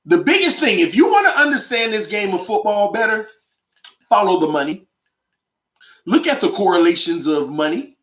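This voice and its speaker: A man's voice: high-pitched, big pitch swings, moderate pace, fairly bright tone, roomy sound. A man hosting a call-in sports show, delivering an emphatic, slangy monologue full of rhetorical questions. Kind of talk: animated opinionated monologue.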